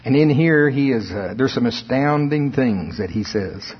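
A man preaching a sermon, swelling into emphatic high notes and laughing between points. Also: expressive, unhurried, husky. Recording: lo-fi reverberant hall recording.

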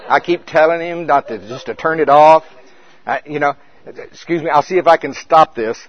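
A man preaching a sermon, voicing his own calm, apologetic inner spirit man with a dull, lo-fi sound. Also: moderate pace, a faint crowd, close to an everyday voice. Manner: apologetic, low-key.

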